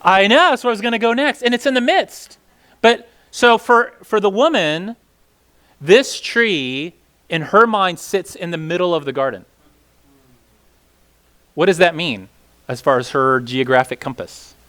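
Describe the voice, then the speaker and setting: A man's voice: sits high, a little slow, long pauses, a bit bright. A man leading a casual Bible teaching session, talking conversationally with many fillers and asking the group questions.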